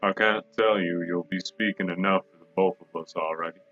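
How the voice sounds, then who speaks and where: A man's voice: low-pitched, fairly even intonation, a little fast, a bit bright. A young man co-hosting a game stream, teasing his friend with wisecracks. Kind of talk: casual let's-play commentary. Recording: dull lo-fi mic with game music.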